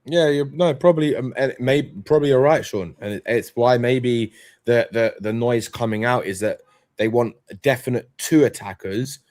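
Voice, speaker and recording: A man's voice: mid-range voice, normal speed, darkish tone, no room sound. A man on a casual football fan panel, talking hesitantly with many restarts and agreeing often. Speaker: guest panelist.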